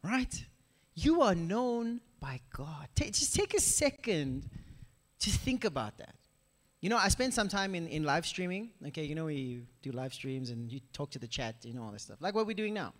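A young man preaching a casual, animated sermon in a church, talking straight to the congregation with lots of asides. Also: a little high, moderate pace, long reverb tail. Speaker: pastor. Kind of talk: conversational sermon.

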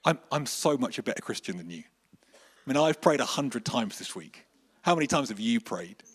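A man's voice: mid-range voice, animated, moderate pace, husky, voice pushed down. A man putting on the voice of a smug, self-righteous churchgoer who boasts about his own devotion.

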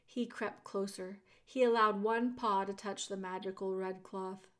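Slow-reading woman storyteller. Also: medium pitch. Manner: addresses the listener directly, storyteller's expressive pacing. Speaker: narrator. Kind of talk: audiobook reading of a children's novel.

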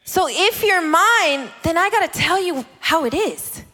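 A woman preaching a sermon in an animated way, acting out other people's voices as she tells stories. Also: very high voice, measured pace, long reverb tail. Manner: animated, acts out voices of her kids and God.

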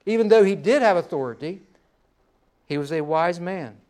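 High-voiced male pastor preaching. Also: expressive, moderate pace, a little mellow. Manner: conversational, repeats phrases, asks "right?". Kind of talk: sermon.

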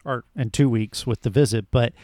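A man co-hosting a podcast, explaining his points in a measured, casual way. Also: mid-range voice, warm tone, no room sound, clean studio sound. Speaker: podcast co-host. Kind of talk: casual chat.

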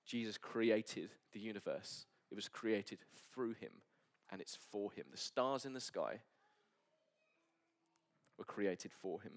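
An earnest male pastor delivering a sermon at a church service. His voice sits low and now and then falls to a soft near-whisper. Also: slow pace.

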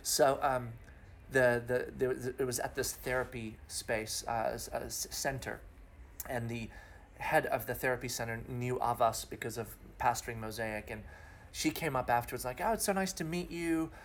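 A man's voice: medium pitch, flat delivery, moderate pace, slight background noise. A middle-aged man, a pastor, telling a long personal story in a podcast interview through vivid extended metaphors.

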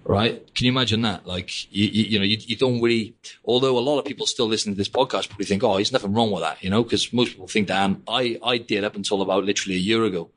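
A young male podcast host talks in a fairly low, steady voice that's quick and a bit bright. His chat is casual and rambling, and he keeps dropping "mate" and "like" into nearly every line.

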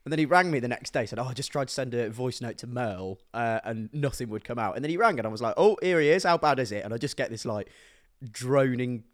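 A man from Leicester co-hosting a music podcast, telling stories and teasing in casual banter. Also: mid-range voice. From Leicester, England. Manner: quick, animated storytelling with teasing. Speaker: podcast co-host. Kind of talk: casual chat.

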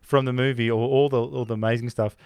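A man's voice: medium pitch, quick pace, clean tone, dry recording, clean studio sound. A man co-hosting a podcast, chatting casually about films in a rambling way with many restarts. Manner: rambling, many restarts, animated when retelling scenes. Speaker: podcast co-host. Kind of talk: casual film discussion.

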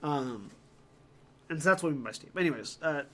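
A man's voice: a little high, lively intonation, a little fast, sharp tone. A man from Georgia in the US, chatting casually on a podcast, rambling with fillers and restarts. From Georgia, USA. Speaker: podcast host.

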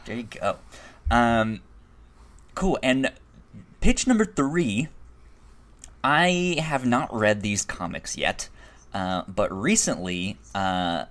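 A man's voice: on the low side, animated, slow, long pauses, a bit bright. A young man co-hosting a podcast, chatting casually with many ums and restarts. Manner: rambling, frequent ums and restarts. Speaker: podcast co-host. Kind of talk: casual chat.

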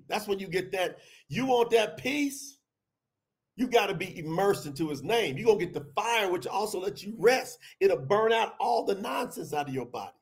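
A middle-aged man giving a livestreamed scripture talk as podcast host, preaching fervently and shouting out at the peaks. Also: high voice, lively intonation, moderate pace, breathy edge.

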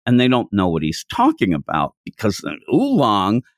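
Lively man retelling a story, dry close mic. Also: lowish voice, moderate pace, no echo. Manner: animated storyteller who acts out the characters' lines. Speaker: podcast host. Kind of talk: casual chat retelling a manga chapter.

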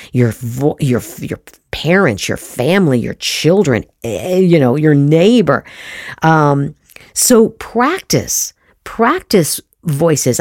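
A middle-aged woman with a notably low voice talks through her voice acting tips in a loose, animated way, often restarting and repeating words. The recording is dry and close, with no room sound. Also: dry recording. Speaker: voice acting teacher, podcast host. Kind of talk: casual instructional talk.

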